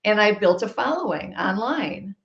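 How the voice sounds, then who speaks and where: A woman guest telling a personal story in a podcast conversation, emphatic and lively. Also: medium pitch, normal speed, creaky. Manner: animated, emphatic storytelling with laughs. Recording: roomy, dull-sounding recording.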